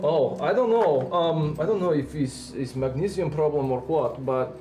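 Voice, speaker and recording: A man chatting on a stream while putting on a playful mock Russian accent, speaking deadpan in broken grammar. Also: fairly high pitch, moderate pace, reverberant, background noise, lightly acted. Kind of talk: casual stream chat.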